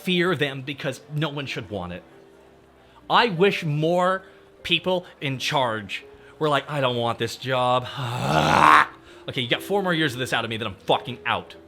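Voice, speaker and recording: Male VTuber host, bright and animated delivery, fired-up profane rant to his chat. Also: a little high, unhurried, vocal fry. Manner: ranting, profane, talks straight to chat. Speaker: VTuber streamer. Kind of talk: casual livestream chat.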